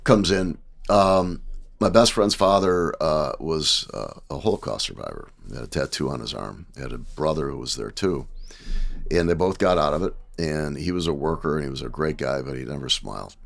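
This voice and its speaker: A man in his sixties from the American Midwest, telling lively anecdotes as a podcast guest and often checking in with "right?". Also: extremely low pitch, moderate pace, creaky. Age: 60s. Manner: animated anecdotes, acting out dialogue, frequent "right?". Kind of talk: casual storytelling.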